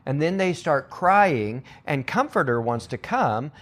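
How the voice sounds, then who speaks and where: A man's voice: very animated, unhurried, fairly bright tone. A man who is a church pastor, a guest in a podcast conversation, telling stories earnestly and acting out the voices of the people in them. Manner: earnest storyteller who acts out quotes with big pitch jumps.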